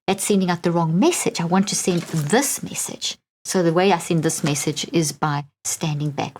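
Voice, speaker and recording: A middle-aged South African woman hosts a solo podcast, speaking in an earnest, coaching manner and often checking in with "okay?". Her voice is fairly low, with a darkish tone and a breathy edge.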